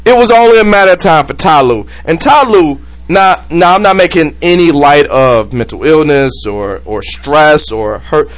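A man's voice: fairly high pitch, normal speed, few pauses. A man hosting a sports podcast, ranting loosely and profanely with whiskey on hand, drifting into impressions. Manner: animated, profane, ranting, mimics people. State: drinking whiskey. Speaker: podcast host. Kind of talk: casual sports chat.

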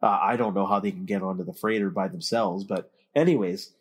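A man's voice: deep voice, fairly even intonation, brisk, breathy edge. A man hosting a casual movie discussion podcast, giving strong opinions and steering the talk with questions. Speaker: podcast host.

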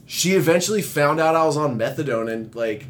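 Profane young man telling a wild story. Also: brisk. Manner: rambling, profane, animated when retelling; laughs while telling stories. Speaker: guest telling recovery stories. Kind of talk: casual storytelling chat. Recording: faint low rumble.

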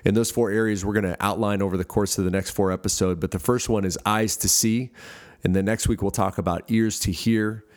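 This middle-aged American pastor preaches a podcast sermon in a fairly low, steady voice at a fairly quick pace. He sounds earnest, with frequent fillers and restarts.

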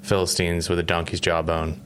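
A man's voice: sits low, completely flat delivery, normal speed, fairly bright tone, a little hiss or hum. A man co-hosting a podcast, casually retelling a story in a rambling, jokey way and acting out the characters' lines. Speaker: podcast co-host.

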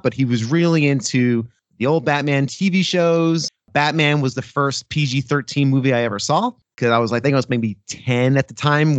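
A man's voice: medium pitch, no echo. A man co-hosting a movie podcast, chatting casually and telling stories with laughs. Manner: animated, laughing storyteller. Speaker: podcast co-host.

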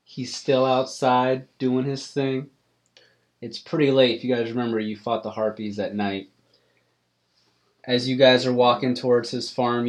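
A man narrating a tabletop game as game master, describing the scene in a relaxed way. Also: medium pitch. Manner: relaxed, descriptive, second-person.

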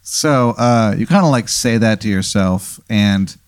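Man, casual storyteller, slow-paced, dry close mic, rambling with uhs. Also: on the low side, expressive, smooth, no room sound. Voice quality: meandering with many uhs and profanity. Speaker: podcast host posing a hypothetical.

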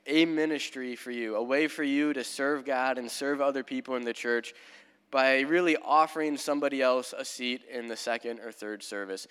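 A man's voice: on the high side, fairly bright tone, smooth. A young male pastor preaching a sermon in a casual, storytelling manner in a church. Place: church sanctuary. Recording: long church hall reverb.

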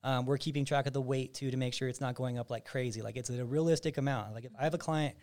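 A man's voice: mid-range voice, fairly even intonation, fast, darkish tone. Man explaining coaching plans at length. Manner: explains at length with frequent restarts. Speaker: physique coach and podcast host. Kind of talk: casual podcast chat.

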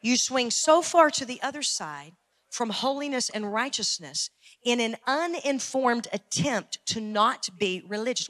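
Fiery, bright-voiced woman pastor preaching. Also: fairly high pitch, expressive, a little slow. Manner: preaching with rising intensity, repeating phrases for emphasis. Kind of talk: fiery sermon. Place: church sanctuary.

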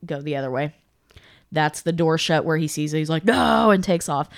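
A woman's voice: deep voice, fairly quick, no room sound, clean studio sound. A woman co-hosting a podcast, casually retelling a video and acting out the quotes with animation. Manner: animated storyteller, acts out quotes. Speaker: podcast co-host.

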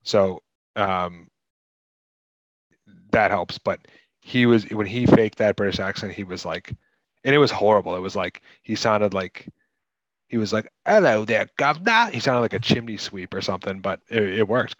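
A man from the United States with a lowish voice talks through a movie in a loose, rambling way, stopping to clear his throat and correct himself. The sound is dry and a little muffled, like a modest home setup. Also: steady tone, normal speed, long pauses, no echo. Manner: chatty, self-interrupting, clears throat. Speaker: podcast co-host. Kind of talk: casual film discussion.

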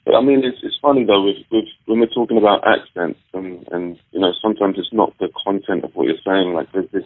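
A man's voice: sits low, fast talker, a little hiss or hum. A man, a podcast guest speaking candidly and casually, often restarting his sentences. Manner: candid, talks in restarts and asides. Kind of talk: casual interview. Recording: tinny phone-like remote audio, dry.

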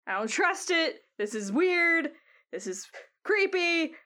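A woman's voice: very high-pitched, big pitch swings, takes it slowly, bright, forceful tone, voice pushed up, heavily acted. A woman doing a stammering crew leader. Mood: uneasy. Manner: stammering, rambling, swears casually.

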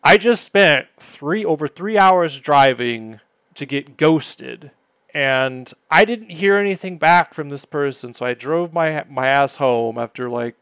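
A man hosts a podcast in casual chat, his voice smooth and resonant on a close, dry mic. He tells his story with animated exasperation. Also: fairly high pitch, measured pace, no echo. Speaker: podcast host.

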